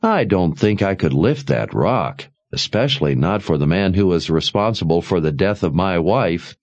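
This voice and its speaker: A man doing a calm, quietly smug widower. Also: low-pitched, lo-fi sound. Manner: measured, gently ironic. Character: grieving older husband, calm and quietly smug. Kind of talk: audiobook character voice.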